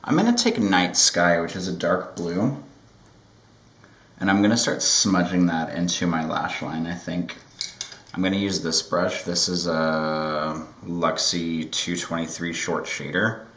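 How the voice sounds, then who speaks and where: A man giving a relaxed, rambling makeup tutorial at home, with self-deprecating asides. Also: deep voice, measured pace, roomy sound, poor audio. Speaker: makeup vlogger. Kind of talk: casual chatty tutorial.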